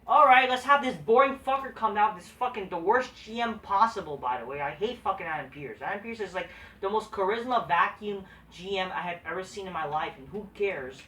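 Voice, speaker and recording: A woman's voice: medium pitch, lively intonation, a little fast, a bit bright, slight background noise. A woman giving a profane, sarcastic rant as a wrestling show reviewer. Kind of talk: ranting video review. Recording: roomy, distant from the mic.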